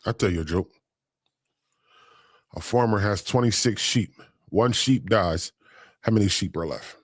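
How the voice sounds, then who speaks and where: Male streamer; low, dry voice; chats laid-back with viewers, teasing and laughing. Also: moderate pace, no echo. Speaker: livestream host. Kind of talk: casual livestream chat, reading comments aloud.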